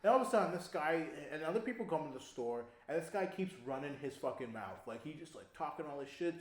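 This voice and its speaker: A young man casually telling a long story on a podcast, animated, laughing often and swearing freely. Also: a little high, fast talker, few pauses. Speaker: podcast co-host. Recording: echoey room.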